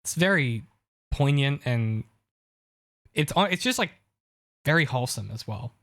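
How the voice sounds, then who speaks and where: Speaking at a medium pitch, this podcast co-host sounds expressive, unhurried, and fairly bright. He dissects TV dialogue with analytical eagerness, restarting often in his enthusiasm.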